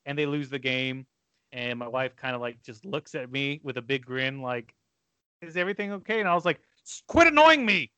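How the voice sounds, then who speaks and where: A man co-hosting a casual podcast chat, telling stories with sarcastic, animated outbursts. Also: medium pitch, clear, resonant tone, no room sound. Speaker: podcast co-host.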